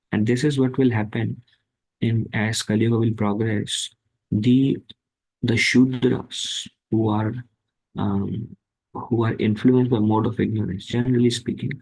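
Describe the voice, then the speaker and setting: Slow, halting man teaching scripture. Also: lowish voice, vocal fry, darkish tone, slightly rough, poor audio. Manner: slow, halting, with many fillers. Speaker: scripture class speaker. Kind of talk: devotional scripture class.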